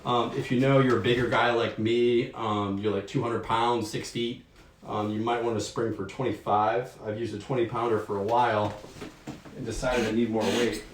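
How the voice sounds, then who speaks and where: A man's voice: medium pitch, normal speed, slight background noise. Breathless man in an echoey bedroom. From Northeast US. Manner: relaxed, rambling with many ums. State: sweaty and slightly out of breath. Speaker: livestream host. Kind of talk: casual product unboxing. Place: bedroom at home. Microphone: camera mic across the room. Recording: echoey room, far from the mic.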